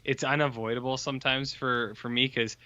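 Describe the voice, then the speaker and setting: Bright-toned, deadpan podcast co-host man. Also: mid-range voice, fairly quick, no room sound, highs cut off. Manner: rambling, deadpan storytelling. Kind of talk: casual chat.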